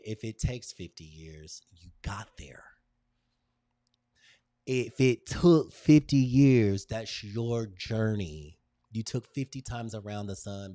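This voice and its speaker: A man hosting a live workshop, leading a group through emphatic, repetitive motivational affirmations with emotional pauses. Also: deep voice, warm tone, no echo. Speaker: host and design workshop leader.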